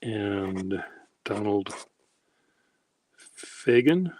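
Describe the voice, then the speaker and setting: A man with a lowish voice talks in an easy, unhurried way, drifting from one anecdote to the next. He hosts a casual, rambling chat, pausing often as he gathers his thoughts. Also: animated, darkish tone, slight background noise. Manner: meandering, halting anecdotes. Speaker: host.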